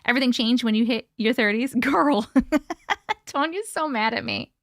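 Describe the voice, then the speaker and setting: A woman's voice: a little high, normal speed, a bit bright, no room sound, clean studio sound. A woman hosting a casual live stream, chatting and laughing while she reads out viewer comments and greets them by name. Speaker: livestream host.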